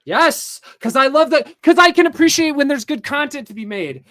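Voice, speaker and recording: Man, podcast host, high voice, bright tone, mocking, reads chat aloud. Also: animated, moderate pace, dry recording, clean studio sound.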